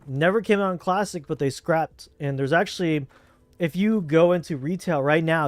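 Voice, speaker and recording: A laid-back man from Southern California chats and rambles while streaming a game, speaking with a Southern Californian accent. He has a fairly high pitch and a darkish tone, captured in a dry recording.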